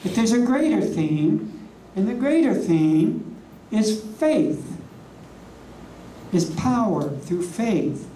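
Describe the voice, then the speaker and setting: A preacher teaches from slides, landing key words slowly and emphatically and asking the room rhetorical questions. The tone is mellow and dark. The voice is caught from a distance in an echoey room, with a faint hum underneath. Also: medium pitch, sing-song. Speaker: preacher teaching a ministry class. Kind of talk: sermon with slides.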